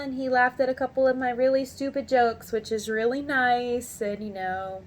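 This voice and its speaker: A woman in her thirties tells a story to her camera from her home office in a chatty, animated way. Her voice sits a little high, and she laughs often as she talks. Faint noise hums behind her. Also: moderate pace. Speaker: vlogger.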